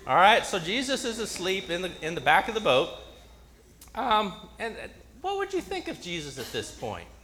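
Animated preacher, high lively voice. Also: male voice, moderate pace, a little hiss or hum. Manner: animated, coaxing the audience into sound effects, shouting quoted lines. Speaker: preacher leading a children's message. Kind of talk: interactive Bible storytelling with audience participation.

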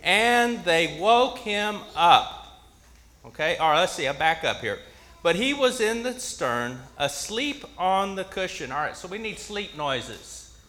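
A man leading an interactive Bible story in church, coaxing his listeners to make sound effects and shouting the quoted lines himself. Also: on the high side, big pitch swings, normal speed. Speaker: preacher leading a children's message.

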